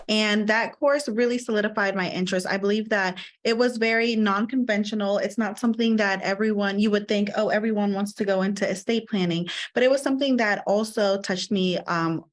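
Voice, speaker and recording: A woman's voice: medium pitch, brisk. A young woman from Washington, D.C. answering interview questions as a paralegal guest, earnest and friendly. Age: young adult.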